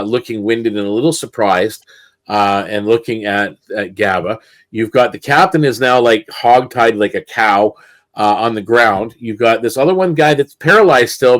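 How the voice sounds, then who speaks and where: A man's voice: mid-range voice, no room sound, poor audio. Guy running a tabletop game, stop-start narrating, dry close sound. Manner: halting, many fillers and restarts. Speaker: game master.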